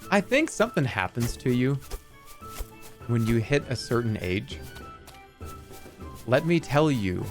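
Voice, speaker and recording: A middle-aged man gives playful, animated game commentary, his pitch leaping around as he jokes and swears casually. He has a soft bed of music running faintly underneath him. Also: a little slow, pauses often. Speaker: streamer.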